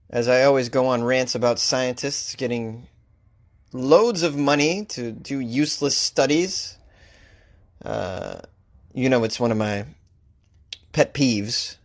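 A man who hosts a comedy news podcast, reading odd stories and ranting about them with sarcastic mock outrage. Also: mid-range voice. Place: Los Angeles.

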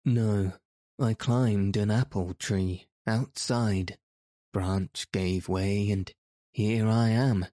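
A man reading a storybook, voicing a calm, polite wandering man who is never flustered. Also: on the low side, drawn-out words, no room sound, studio quality.

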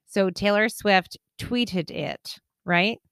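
A young woman chats on a podcast at a middling pitch, reacting with disbelief and wry asides. Her voice sounds close and dry, with no echo. She keeps the talk loose and casual. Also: slow pace, vocal fry, a bit bright, clean tone. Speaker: podcast co-host. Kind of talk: casual gossip chat.

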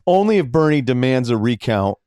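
A man's voice: brisk, clear, resonant tone, no room sound, studio quality. A middle-aged man, a podcast guest, talking sports in a casual, sarcastic way. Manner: animated, sarcastic, jumping between high and low.

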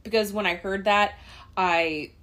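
A woman co-hosting a casual podcast, animated and reflective, with rambling asides. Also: medium pitch, unhurried. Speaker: podcast co-host. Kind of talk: casual chat about a cartoon.

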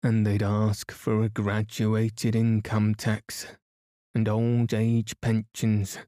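A man's voice: fairly low pitch, completely flat delivery, slow pace, mellow, dry recording, studio quality. A man voicing a grumpy, tired old sand fairy in a storybook, fretful and complaining.

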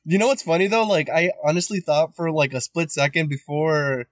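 A man's voice: a little high, moderate pace, dry recording. A man co-hosting a podcast in casual chat, rambling with many fillers, swearing and laughing. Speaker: podcast co-host.

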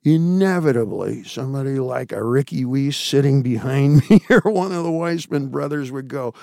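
A man in his sixties, a candid interview guest telling stories with blunt, profane asides, his voice swinging between loud bursts and hushed, low passages. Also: expressive, a little fast, vocal fry, hardly any pauses, no echo, studio quality. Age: 60s. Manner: blunt, swears freely.

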